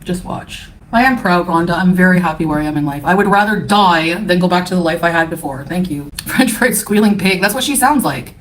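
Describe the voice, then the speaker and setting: A woman's voice: on the low side, lively intonation, a little fast, few pauses, slight background noise. A woman from Canada streaming live, ranting in a profane, scornful and defensive way. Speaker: livestreamer. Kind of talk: angry livestream rant.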